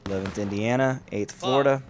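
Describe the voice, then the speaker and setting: A man hosting and commentating a large online battle game with lively, amused play-by-play. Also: mid-range voice, fast talker. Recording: commentary over loud battle crowd noise. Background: crowd and gunfire of a large online battle.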